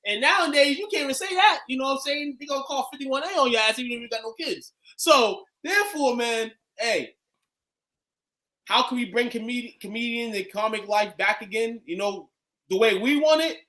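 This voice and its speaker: High, bright-voiced man telling stories. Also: fairly quick. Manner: animated, profane storytelling. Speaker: podcast co-host. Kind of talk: casual podcast chat. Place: podcast studio.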